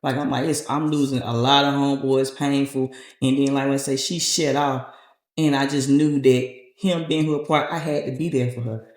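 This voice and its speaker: A young man speaking earnestly and haltingly as a podcast guest. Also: mid-range voice, fairly even intonation. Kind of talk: casual podcast conversation. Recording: echoey room.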